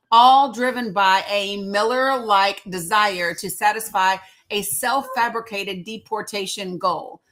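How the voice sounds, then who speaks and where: Bright-voiced woman hosting a chatty stream. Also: medium pitch, rough recording. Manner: chatty, addresses viewers as y'all, reads statements aloud. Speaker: show host. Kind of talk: casual live-stream commentary.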